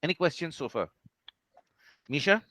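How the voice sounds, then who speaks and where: A man's voice: fairly high pitch, animated, moderate pace, a bit bright, no room sound. A man teaching an online class over a video call, who explains each point patiently and keeps checking that his students follow.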